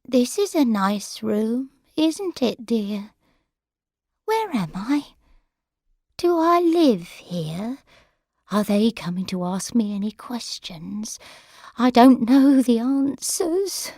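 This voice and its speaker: A woman voicing a confused old lady, slow and drawn out. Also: fairly low pitch, very animated, creaky, no room sound, studio quality, heavily acted. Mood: anxious. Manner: wandering, frightened, then shouting and sobbing. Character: confused elderly woman with dementia.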